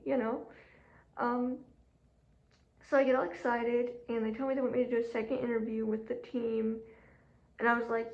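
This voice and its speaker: A chatty woman with a slightly high voice tells her story casually to camera, full of fillers and quoted inner voices. Her throat is sore. The audio is dull and lo-fi, in an echoey room. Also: moderate pace. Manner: chatty, animated, with many fillers and quoted self-talk. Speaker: job seeker telling her story. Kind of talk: casual vlog talk to camera.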